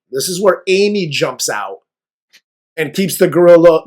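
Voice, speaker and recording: Laid-back man recapping a movie plot. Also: sits high. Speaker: co-host of a movie review show.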